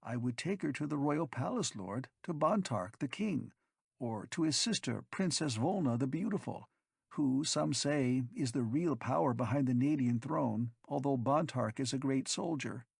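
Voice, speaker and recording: Man doing timid young guide in an audiobook, polite and uneasy, gravelly dry voice. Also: medium pitch, animated, normal speed, a little mellow, no echo. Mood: deferential. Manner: deferential, nervous.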